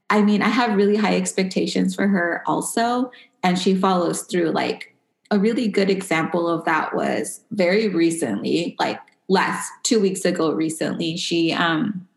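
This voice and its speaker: A woman's voice: lowish voice, measured pace, vocal fry. A woman in her thirties, a parent, chatting casually about raising her kids and slipping Spanish phrases into her talk. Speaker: parent sharing experience. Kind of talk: casual conversational storytelling. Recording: echoey room.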